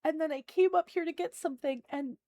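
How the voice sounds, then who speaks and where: A woman's voice: high-pitched, brisk, dark tone, no room sound, pitched above the performer's own voice. A woman voicing a stammering frightened little boy. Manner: stammering, repeating words.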